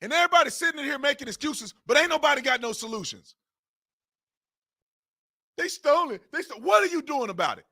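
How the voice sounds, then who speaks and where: Bright, high-pitched exasperated male commentator. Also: expressive, fast, pauses often. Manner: exasperated, repetitive rhetorical questions, informal grammar. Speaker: political commentary channel host. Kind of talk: ranting political commentary.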